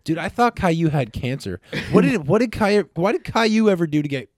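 A man co-hosting a casual podcast, bantering with lots of swearing and excitable outbursts. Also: fairly high pitch, brisk, no room sound, studio quality. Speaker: podcast co-host. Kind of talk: casual chat.

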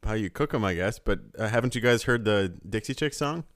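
Woman podcast co-host, very deep voice, dry close sound, short deadpan quips. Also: fairly quick, dry recording. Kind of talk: casual chat.

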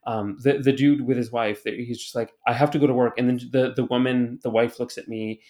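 A man recounting a story to a co-host in loose, casual chat. He rambles, circles back, stacks up fillers and curses freely. His voice sits at an ordinary middle pitch. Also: fairly even intonation, fairly quick, a little mellow. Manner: rambling, many "like" fillers and restarts, swearing. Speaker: podcast co-host.

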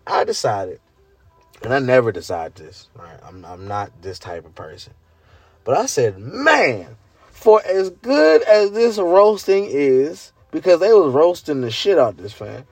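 A man, ranting casually and incredulously to his viewers, swearing and climbing high in pitch when worked up. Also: no echo. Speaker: vlogger. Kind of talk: casual rant to camera.

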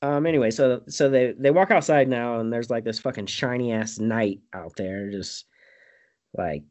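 A man's voice: medium pitch, normal speed, a little mellow. A man casually recapping a movie, rambling and swearing, often breaking into laughter.

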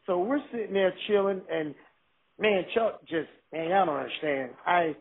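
A man telling excited stories in a casual chat, often restarting his sentences. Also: sits high, moderate pace. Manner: excited, animated storytelling with restarts. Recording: thin phone-like line.

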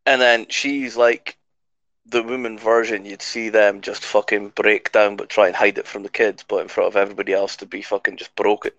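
A man's voice: on the low side, level tone, moderate pace, a bit bright, dry recording. A man with a Scottish accent co-hosting a podcast in casual chat, blunt and swearing freely, while losing his voice. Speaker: podcast co-host. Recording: dull, dry lo-fi sound.

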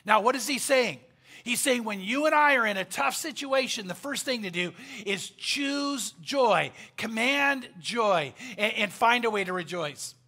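A man's voice: extremely high pitch, expressive, unhurried, pushed and bright. A man preaching a sermon, telling a story in an emphatic, conversational way with frequent fillers. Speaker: pastor.

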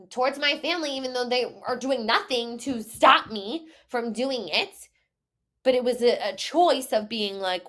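A woman's voice: medium pitch, fairly bright tone. A woman hosting her own podcast, telling a personal story in a candid, emotional way, swearing freely and laughing often. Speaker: podcast host and business coach. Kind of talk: casual podcast monologue.

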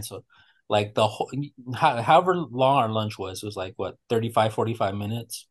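A man's voice: fairly low pitch, brisk. A man hosting a casual podcast chat, telling stories animatedly with a lot of swearing and acting out his friends' lines.

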